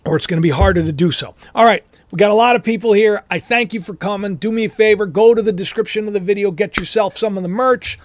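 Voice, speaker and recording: A man preaching to his online audience with impassioned spiritual commentary, repeating phrases emphatically and swinging from loud outbursts to hushed asides. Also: sits high, fast talker, few pauses, dry recording.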